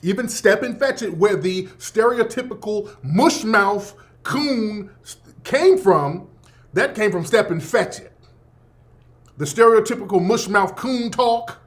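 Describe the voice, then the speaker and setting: A man's voice: high-pitched, animated, unhurried. A man hosting a radio show, delivering a blunt, profane, emphatic opinion monologue. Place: Los Angeles.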